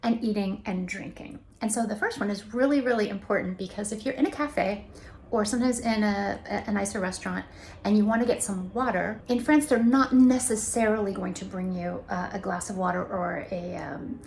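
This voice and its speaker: Woman vlogger chatting travel tips, middle pitch, gravelly bits in her voice. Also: a little mellow, a little hiss or hum. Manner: chatty, slows to spell out French phrases. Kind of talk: casual talk to camera.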